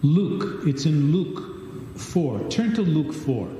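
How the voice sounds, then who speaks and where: A man's voice: a little high, expressive, slow, mellow, slight background noise. A man leading a Bible study, reading scripture aloud and asking questions of the group. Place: large church hall. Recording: distant echoey church livestream.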